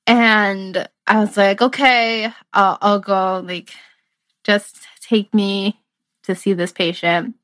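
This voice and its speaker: A woman's voice: medium pitch, steady tone, slow pace, fairly bright tone, dry recording. A young woman in her twenties, a medical student, recounting a personal story in a casual, earnest way. She sounds reflective and laughs through the emotional moments. The recording is dry and close, with no room sound.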